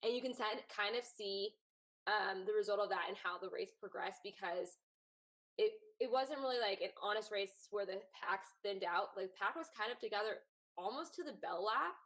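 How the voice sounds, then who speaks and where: A woman's voice: mid-range voice, normal speed, fairly bright tone. A woman hosting a casual sports chat, talking in a loose, chatty way with many fillers. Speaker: host.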